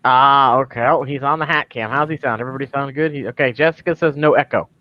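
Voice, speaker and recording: A man's voice: mid-range voice, quick pace, muffled recording. A man co-hosting a casual livestream, easygoing, greeting viewers by name and keeping the chat going. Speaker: co-host.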